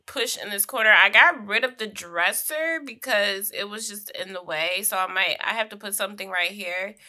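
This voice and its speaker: A woman's voice: mid-range voice, pushed and bright. A young woman giving casual, chatty commentary while playing a life-sim game, with slangy asides and frequent laughs. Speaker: gaming streamer. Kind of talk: casual Sims gameplay commentary.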